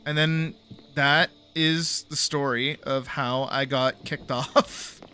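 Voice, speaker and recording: Young man with a sharp bright voice. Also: mid-range voice, fairly even intonation, slow pace, slight background noise. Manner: rambling, laid-back, swears freely, lots of "like". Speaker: streamer. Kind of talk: casual storytelling while gaming.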